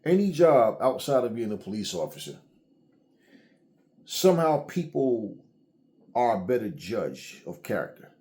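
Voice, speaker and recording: Middle-aged male host, low-pitched, angry blunt rant with heavy cursing. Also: very animated, measured pace, pauses often, dark tone. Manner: blunt, heated, swears freely. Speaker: channel host. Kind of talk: angry solo commentary.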